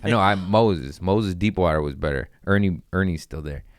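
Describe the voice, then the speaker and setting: Deep-voiced, animated young Californian man. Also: moderate pace, no echo, studio quality. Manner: animated, acts out quotes with sudden pitch jumps, swears freely. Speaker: comedian telling a story. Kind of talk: casual storytelling on a podcast.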